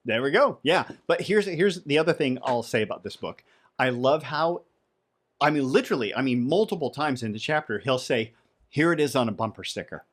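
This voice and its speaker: A man's voice: mid-range voice, lively intonation, normal speed. A man co-hosting a podcast, chatting in a playful, talkative way. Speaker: podcast co-host. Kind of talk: casual podcast chat.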